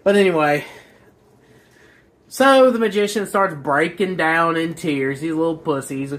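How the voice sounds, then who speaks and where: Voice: mid-range voice, animated, a little slow. A book reviewer rambling casually through a plot, crude and sarcastic, with filler words and restarts.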